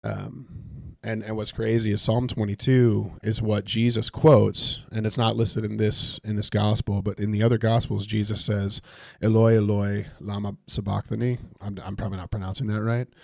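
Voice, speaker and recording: A man's voice: fairly low pitch, little pitch movement, moderate pace, vocal fry, hardly any pauses, a little mellow, no room sound. A man leading a casual Bible study while gaming, talking it through conversationally with frequent restarts. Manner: conversational, thinks aloud with restarts. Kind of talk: casual Bible teaching while playing a video game.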